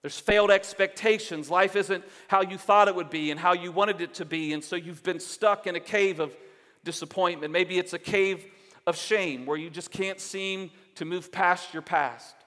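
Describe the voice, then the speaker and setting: A man's voice: sits high, normal speed, bright, forceful tone, big-room sound. A male pastor preaching a sermon in an earnest, exhorting way, repeating phrases for emphasis. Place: church sanctuary.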